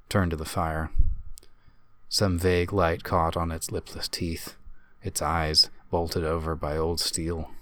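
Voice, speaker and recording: A man narrating a fantasy audiobook in a measured, descriptive reading. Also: deep voice, fairly bright tone.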